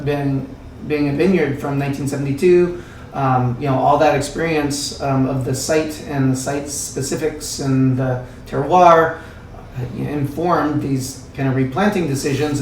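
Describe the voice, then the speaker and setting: A man who works as a winemaker talks in a rambling, casual way full of fillers and restarts, with a croaky throat. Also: mid-range voice, a little hiss or hum. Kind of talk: casual podcast chat. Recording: roomy sound, distant mic.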